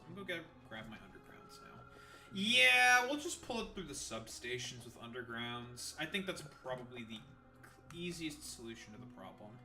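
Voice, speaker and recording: A man's voice: on the high side, far from the mic. A man with a Canadian accent giving casual, swearing gameplay commentary as a streamer, rambling and thinking aloud.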